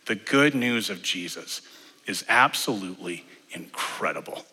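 A man's voice: low voice, animated, unhurried, sharp tone, husky. A man preaching a sermon as pastor to a church congregation, earnest, rising and falling in force. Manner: earnest preaching that swells and drops. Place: church sanctuary. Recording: long hall reverb in a church.

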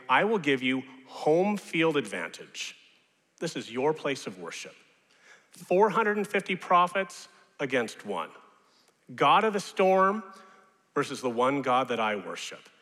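A man preaching a sermon as pastor, animated and rising now and then to loud mocking shouts. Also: medium pitch. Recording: long reverb of a large hall.

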